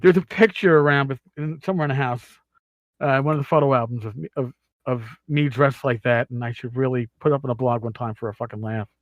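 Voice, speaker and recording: A man's voice: medium pitch, fast talker, no echo, lo-fi sound. Queens-accented man, rambling and profane. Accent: New York, Queens. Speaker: podcast host. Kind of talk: casual chat.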